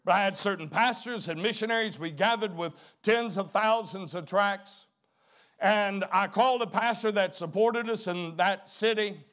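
A middle-aged man preaching a sermon, dropping to hushed low emphasis and then rising to loud, emphatic preaching. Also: moderate pace.

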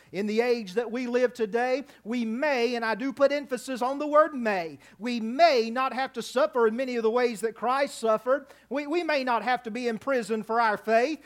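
A man preaching an evening sermon in a church, his delivery rising to loud, emphatic cries. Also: very high voice. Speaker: pastor.

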